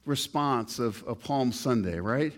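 A male pastor preaching a sermon, reading scripture aloud, with his voice rising and falling for emphasis. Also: a little slow. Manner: reads scripture aloud, rises and falls in pitch and volume for emphasis.

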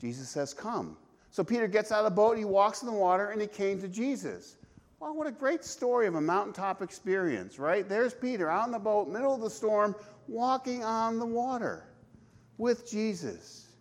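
A man's voice: high-pitched, animated, normal speed. A man preaching a sermon, emphatic, asking rhetorical questions and restarting his phrases often. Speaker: pastor.

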